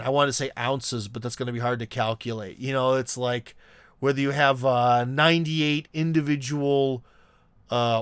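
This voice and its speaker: A man's voice: mid-range voice, clean tone, dry recording. A man hosting a live call-in stream, talking casually. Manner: rambling, many fillers, laughs mid-sentence. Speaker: show host taking callers.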